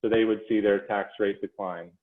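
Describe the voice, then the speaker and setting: A man presenting figures to a commission in a measured, explanatory way, with frequent fillers and self-corrections, speaking over a video call. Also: lowish voice, fairly even intonation. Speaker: presenter to a school funding commission. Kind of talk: policy presentation walking through slides. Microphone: video call audio. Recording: phone-like echoey video call audio.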